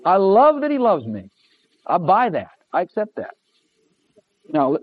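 A man preaching a sermon, emphatic and repetitive, swinging between loud and hushed. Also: high-pitched, huge pitch swings, measured pace, pauses often, no echo. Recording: dull lo-fi recording.

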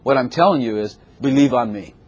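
A preacher voicing Jesus in his own husky voice, a patient, gentle teacher who calmly corrects him. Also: mid-range voice, a little fast, pitched below the performer's own voice, close to an everyday voice. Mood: gently correcting. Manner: calm, kindly correcting.

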